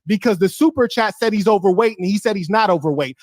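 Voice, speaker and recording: Male livestream host, combative trash talk, slightly high voice, dry close mic. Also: fast, dry recording. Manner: confrontational, trash-talking, slangy. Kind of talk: heated livestream commentary.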